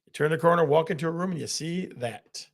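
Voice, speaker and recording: A man's voice: fairly high pitch, quick pace. A man hosting a live quiz with game-show countdowns, laughing often at his own jokes. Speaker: host.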